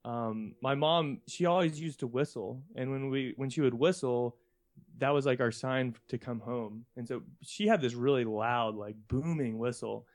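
A man's voice: mid-range voice, normal speed. Rambling young man telling a story. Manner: rambling, laughs often while talking. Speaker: podcast co-host. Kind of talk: casual chat, anecdote telling.

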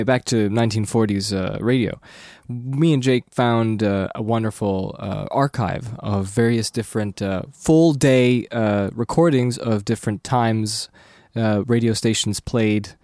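A man's voice: medium pitch, darkish tone, no echo. Rambling young male podcaster, dry sound. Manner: rambling, self-correcting, many fillers. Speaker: podcast host. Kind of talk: casual rambling podcast monologue.

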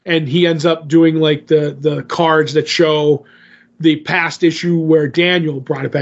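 A man talks through a comic book plot in a loose, rambling podcast chat, paraphrasing what the characters say. His voice sits a bit high for a man. The recording sounds muffled and lo-fi. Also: flat delivery, a little slow. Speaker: podcast co-host. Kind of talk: casual comic book recap.

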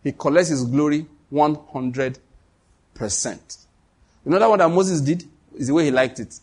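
A man's voice: a little high, moderate pace, breathy edge. A man preaching a sermon, telling a story and acting out the dialogue between God and the prophets.

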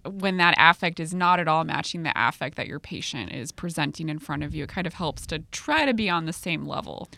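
A woman co-teaching psychiatry, supportive and agreeable, summing up points in a relaxed conversational way. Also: deep voice, fairly quick, gravelly, few pauses. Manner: supportive, agreeable, adds summarizing remarks. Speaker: psychiatry educator.

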